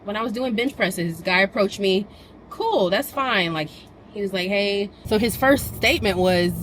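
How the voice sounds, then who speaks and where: A woman vlogging casually about her day as a busy mother, with a voice that sits at a middling pitch. She tells her stories in a lively, exasperated way. The steady noise of a vehicle and passing traffic is clearly heard behind her. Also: moderate pace. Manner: animated, exasperated storytelling. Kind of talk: casual vlog chat.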